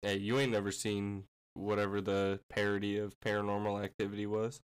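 A man's voice: fairly low pitch, monotone, brisk, slight background noise. A man in casual chat, joking and rambling loosely. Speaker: podcast co-host.

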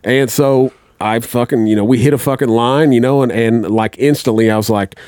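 In a smooth, darkish mid-range voice, a man recounts a rambling story as a podcast guest, keeping a moderate pace and fairly even intonation. He swears heavily and acts out quotes, and the studio-quality audio has no room sound.

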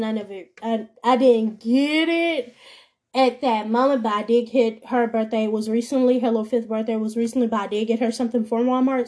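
Teen girl, 17, high voice, podcast host; chatty, colloquial storyteller who acts out every quote. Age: teens. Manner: animated, acts out quoted voices with big pitch jumps; colloquial, rambling with restarts. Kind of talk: casual storytelling rant.

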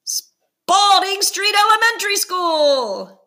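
A woman voicing a male television quiz show host who announces in a grand, drawn-out style with dramatic pauses. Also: sits high, lively intonation, pushed and bright, pitched above the performer's own voice, full character voice. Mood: announcing.

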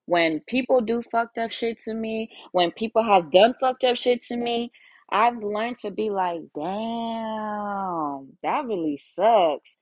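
A woman's voice: a little high, a little slow, dry recording. A young woman hosting a solo podcast, talking frankly and casually with lots of cursing, often acting out her own inner voice. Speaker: podcast host.

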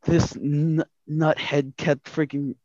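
Brief: flustered excited woman director, higher-pitched, dry muffled mic, put on by a man. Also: dry recording. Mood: urgent. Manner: flustered, rushed, repeating herself. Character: excited female agency director.

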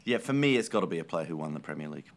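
A man co-hosting a football podcast, talking in a measured way with dry, teasing humor. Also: sits low, lively intonation. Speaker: podcast co-host. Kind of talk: casual football chat.

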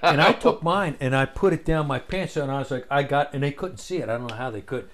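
A man telling an old story in casual chat, animated and acting out the voices of others, swearing freely. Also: on the high side, fast, a little hiss or hum.

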